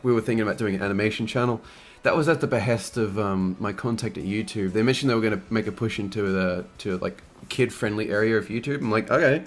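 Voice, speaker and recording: A man's voice: fairly low pitch, a bit bright. A young man, casually answering fan questions and telling crude stories, swearing often and laughing as he goes. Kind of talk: casual Q&A storytelling.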